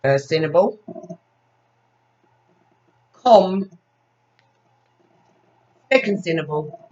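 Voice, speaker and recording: A woman's voice: medium pitch, expressive, slow, fairly bright tone, recorded from a distance. A woman with an English accent teaching a phonics lesson to young children, praising often in a sing-song way. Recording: dull sound from off mic.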